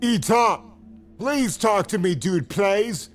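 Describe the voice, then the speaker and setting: Man begging in a very high, slow voice. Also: expressive, faint music behind. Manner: begging, frantic, repetitive. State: near tears. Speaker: person in a played clip. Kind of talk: desperate pleading monologue.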